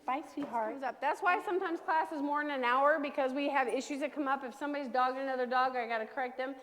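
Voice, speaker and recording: High-voiced woman coaching a dog class. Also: fast talker, fairly bright tone, big-room sound. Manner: coaching, checks in with frequent "okay?". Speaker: dog trainer. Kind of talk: teaching a dog training class.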